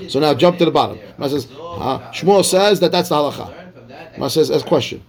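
A man teaching a casual Talmud class, explaining quickly and checking in with his students. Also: a little high, darkish tone. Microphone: class microphone.

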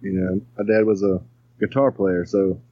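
A husky man co-hosts a podcast with blunt, crude jokes. His voice sits fairly low, and the sound is dry and muffled. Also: fairly even intonation, normal speed, no room sound. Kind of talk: casual podcast chat.

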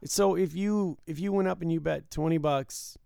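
Gravelly man telling a story, animated. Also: fairly high pitch, moderate pace, dry recording, studio quality. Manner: animated storyteller, acts out quotes loudly. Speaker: casino dealer. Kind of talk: casual podcast chat.

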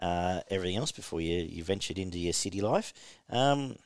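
A man hosting a casual interview, asking relaxed, rambling questions. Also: low-pitched, fairly quick, clean tone, dry recording. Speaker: podcast host.

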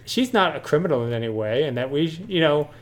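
Deadpan mock-earnest man, higher voice. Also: fast talker. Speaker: podcast co-host. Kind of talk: sarcastic comedy podcast banter.

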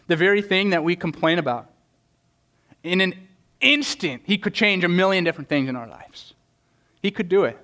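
Earnest man preaching a sermon, slightly high. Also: animated, moderate pace, pauses often, pushed and bright. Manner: earnest, repeats words when pressing a point; acts out quoted prayers in a raised voice. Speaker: pastor.

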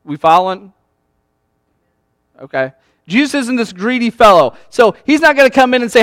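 Male pastor, high voice, dry close sound; conversational, animated sermon delivery. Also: normal speed, long pauses, no echo. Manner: conversational, animated, acts out quoted lines.

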